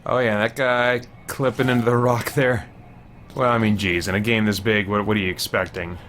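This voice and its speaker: A man's voice: on the low side, normal speed, slight background noise. Jumpy man narrating his gameplay. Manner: jumpy, excitable, easily startled. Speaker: gameplay commentator. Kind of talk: let's play commentary.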